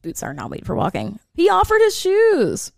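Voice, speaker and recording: A woman's voice: very high-pitched, normal speed, gravelly, no room sound, studio quality. A young woman chatting as a podcast guest, joking and giggling a lot. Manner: giggly, animated, jokey. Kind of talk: casual chat.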